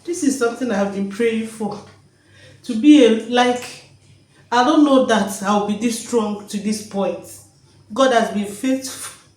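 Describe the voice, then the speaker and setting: A woman's voice: a little high, a little slow, a little mellow, roomy sound, low-quality recording. A woman talking emotionally in a vlog at home, joyful and repeating her words. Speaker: vlogger. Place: home, indoors.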